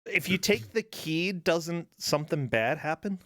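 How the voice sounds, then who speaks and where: A man's voice: fairly high pitch, animated, measured pace, pushed and bright. A man joking along with friends during a live game stream, tossing in quips. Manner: quippy, jokey asides. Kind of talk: casual banter.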